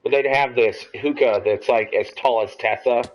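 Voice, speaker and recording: A young man hosting a podcast, telling a long story in a casual, rambling, animated way and swearing freely. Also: medium pitch, moderate pace. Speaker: podcast host. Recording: dull lo-fi audio.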